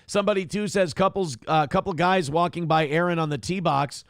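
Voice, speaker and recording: A man's voice: on the high side, a little fast, clear, resonant tone, no echo, clean studio sound. A man hosting a live internet morning show, reading viewer comments aloud in a crude, joking, mock-announcer way.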